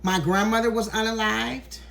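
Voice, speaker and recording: A woman's voice: fairly high pitch, fairly even intonation, normal speed, gravelly, a bit bright. A woman speaks into her phone indoors, close to tears as she delivers an emotional monologue. Her talk is emphatic and preachy, she swears freely, and she keeps pushing through the feeling. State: near tears. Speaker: tarot content creator. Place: indoors, walking in a hallway.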